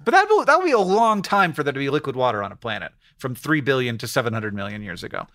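A male podcast co-host explaining science news with a chatty enthusiasm. His voice is bright and forceful, with a lively, animated pitch, recorded close and dry. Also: fast talker, no room sound. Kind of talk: casual chat.

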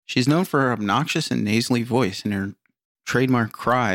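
A man's voice: mid-range voice, normal speed, a bit bright, dry recording, clean studio sound. A man co-hosting a podcast, joking around in profane, casual chat and laughing often. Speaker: podcast co-host.

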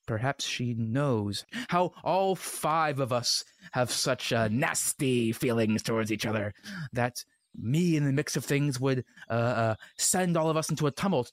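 A man's voice: on the high side, no echo, studio quality, lightly acted. A man playing a horse who serves as the queen's advisor. He rambles and stammers in an improvised comedy play.

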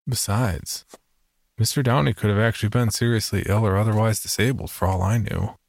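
A man reading a first-person horror story in a measured, low-key scripted narration. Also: vocal fry, a little hiss or hum.

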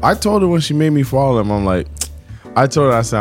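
A man chatting on a podcast in a mid-pitched voice, loose and full of slang and swearing. He drifts through a long story without hurry. Faint music sits under the talk. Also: very animated, quick pace. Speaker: podcast co-host. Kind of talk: casual podcast banter.

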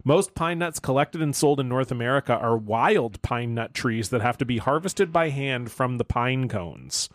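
A man's voice: medium pitch, expressive, moderate pace, few pauses, dry recording. A man from Canada co-hosting a podcast, chatting casually with a dry, teasing manner. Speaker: podcast co-host. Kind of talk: casual chat.

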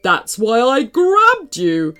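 A woman's voice: fairly high pitch, huge pitch swings, bright, forceful tone, clean tone, soft background music, heavily acted. A woman voicing a gleeful, gloating evil giant male octopus in a children's story, drawing out her words. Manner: giggling, gloating, drawn-out.

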